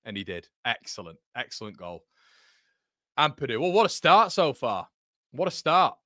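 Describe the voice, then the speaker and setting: A man hosting a live football watchalong, commentating excitably and bantering with his chat. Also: medium pitch, normal speed, no room sound, clean studio sound.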